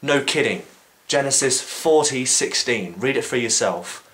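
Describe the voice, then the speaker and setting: A man's voice: medium pitch, expressive, unhurried, a bit bright. A young man vlogging, retelling a story casually with sarcasm, swearing and frequent fillers.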